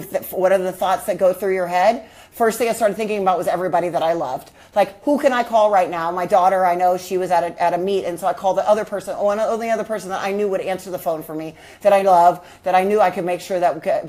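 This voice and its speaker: A woman's voice: fairly low pitch, darkish tone. A woman, a healing coach, telling a personal story in an earnest, reflective way, often asking her listeners questions.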